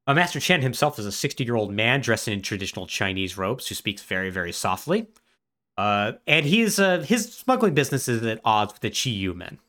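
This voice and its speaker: A man's voice: lowish voice, very animated, fairly quick, sharp tone. Guy on a podcast going through a game story, lots of "like", voice bouncing up and down. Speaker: podcast co-host. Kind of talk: casual podcast chat.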